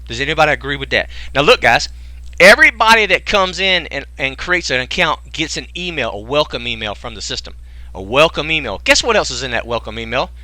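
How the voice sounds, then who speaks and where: A man's voice: on the high side, very animated, brisk, bright, forceful tone, dry recording. A man hosting an online sales webinar, joking around and firing off rhetorical questions in folksy slang. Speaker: webinar host pitching a business program. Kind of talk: casual sales pitch to a live online audience.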